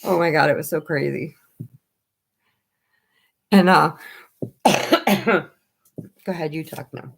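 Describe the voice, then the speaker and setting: A woman chatting casually on a home live stream, telling lively stories and acting out what people said. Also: low voice, slow, creaky, long pauses, slight background noise. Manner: animated storyteller who acts out quoted voices.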